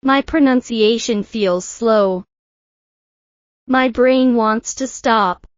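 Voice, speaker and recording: A woman teacher giving calm, measured instructions in a guided speaking drill. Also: on the high side, dry recording, dull audio. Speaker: English teacher.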